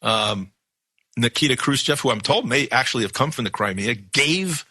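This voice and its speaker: A man's voice: mid-range voice, animated, normal speed, pushed and bright, breathy edge, dry recording. A man from New York hosting a radio news show, talking in an emphatic, rambling monologue with many restarts. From New York, USA.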